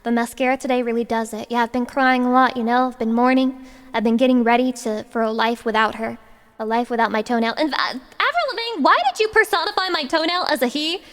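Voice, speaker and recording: A woman's voice: a little high, a little fast, long reverb tail. A woman streamer ranting to her chat in a profane, sarcastic mock-mourning tone and singing along to karaoke songs. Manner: sings along loudly to backing tracks. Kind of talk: karaoke livestream with chat banter.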